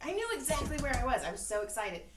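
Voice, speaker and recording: A woman with a high voice talks quickly, recorded at a distance in a roomy space with a bit of hiss or hum. Co-hosting a casual podcast, she tells animated stories, acting out quotes and swearing freely.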